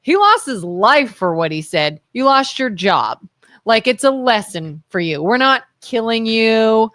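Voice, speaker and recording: Animated female talk-radio co-host, dry sound. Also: on the high side, measured pace, no echo. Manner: animated storyteller, acts out quotes, asks pointed questions. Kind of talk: live talk radio discussion.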